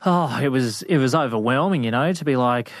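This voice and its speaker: A man recounting his adventures in a loose, chatty style, laughing often as he talks. His voice sits at an ordinary pitch, and the recording is dry and close. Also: fairly quick, no room sound. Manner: laughing, animated, casual with fillers. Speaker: guest, veterinarian. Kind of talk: storytelling interview. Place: studio.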